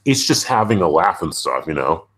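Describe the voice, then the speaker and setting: Male host, very low voice, animated ranting chat on a call. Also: normal speed. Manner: animated, ranting, frequent "it's like". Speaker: podcast host. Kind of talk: casual opinionated chat.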